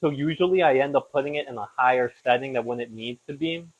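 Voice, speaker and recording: Here a young man with a medium-pitched voice talks at a quick pace, hosting a podcast while he cooks at home. His casual, rambling chat is full of self-deprecating remarks, and the recording has a slightly dull, lo-fi quality.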